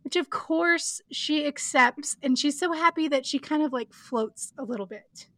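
A woman with a high, bright voice recaps a show in a loose, giggly way, full of likes and ums. Her sound is close and dry, with no room around it. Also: a little slow, no echo. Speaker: podcast co-host recapping an episode. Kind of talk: casual chat.

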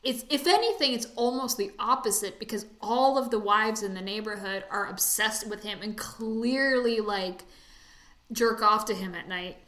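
A woman chatting casually about a movie, talking fast and acting out the people she quotes in put-on voices. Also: mid-range voice, a bit bright, roomy sound.

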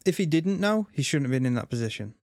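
Low, dark-voiced woman co-host. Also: very animated, fast talker, dry recording, studio quality. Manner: short, blunt interjections. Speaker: podcast co-host. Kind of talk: casual podcast chat.

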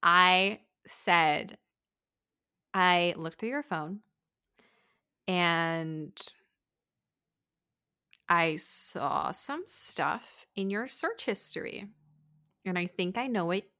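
A young woman talks in a relaxed podcast chat, with a bright, forward tone. She tells her story with animated energy and leaps up in pitch when she acts out what other people said. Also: extremely slow, pauses often, smooth. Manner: animated, acts out quotes with big pitch jumps.

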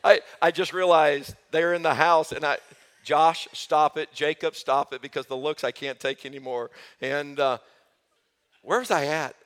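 A middle-aged pastor preaching in a high, bright voice. He tells his stories with lively energy, dropping low and then rising loud. It is a spirited sermon delivery. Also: moderate pace. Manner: animated storytelling, shifting between loud and soft.

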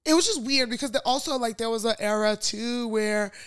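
A young woman from the US chatting as a podcast co-host. Her voice sits fairly high, and she talks in a loose, rambling way, full of fillers and restarts. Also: fairly quick, clear, resonant tone. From United States. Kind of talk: casual chat.

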